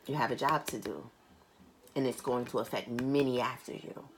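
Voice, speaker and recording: A woman giving a private tarot reading who speaks earnestly and bluntly, swearing casually, repeating phrases for emphasis and reading card text aloud slowly. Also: very deep voice, a little hiss or hum. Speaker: tarot reader.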